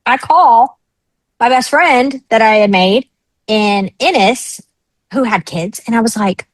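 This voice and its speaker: A woman in her thirties, slightly high-voiced and unhurried, is a guest on a talk show, telling a personal story with lively candor and performing the voices of its characters. The audio is dry and rough.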